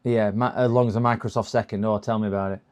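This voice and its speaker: A man hosting a computer repair livestream, chatting casually and rambling, his voice going hoarse with frequent throat clearing. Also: lowish voice, steady tone, fast talker, darkish tone. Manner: chatty, rambling, laughs at his own jokes. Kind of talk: casual live-stream chat.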